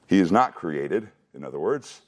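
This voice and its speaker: A man preaching an expository sermon in an emphatic teaching manner, rushing through asides and slowing down to stress key phrases, often repeating himself for emphasis. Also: deep voice, big pitch swings, a little mellow. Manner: emphatic, shifting between quick asides and slow stressed phrases. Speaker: pastor.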